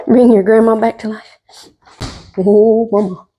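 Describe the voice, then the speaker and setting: A woman hosting a casual cooking tutorial, playful and joking with her viewers, sometimes dropping to a soft whisper. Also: medium pitch, steady tone, moderate pace, slightly rough. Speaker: cooking vlogger.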